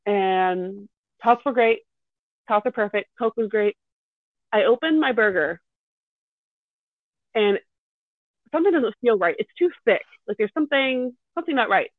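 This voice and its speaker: A woman telling a rambling, animated story in casual podcast chat, restarting her sentences as she goes. Her voice comes through dry and narrow, like a phone line. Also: a little high, measured pace, pauses often, no room sound. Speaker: kindergarten teacher. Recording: dry, tinny phone-like sound.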